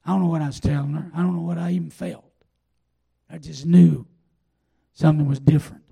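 An older man preaching a sermon, telling a personal testimony in a folksy, drawn-out way. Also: on the high side, steady tone, vocal fry, warm tone, husky. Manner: folksy storytelling, drawn-out pauses. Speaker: pastor.

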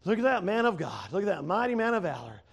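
A man's voice: high-pitched, sing-song, fast talker, creaky, slightly rough, exaggerated voice. A man preaching who voices an angel urging people on, coaxing and repeating phrases in a sing-song. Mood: admiring.

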